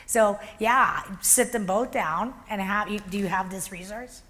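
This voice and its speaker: A woman leading a workplace workshop, explaining ideas and telling animated stories to a group in a meeting room. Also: medium pitch, a little slow. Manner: animated storytelling with acted-out quotes. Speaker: workshop facilitator. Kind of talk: workshop teaching.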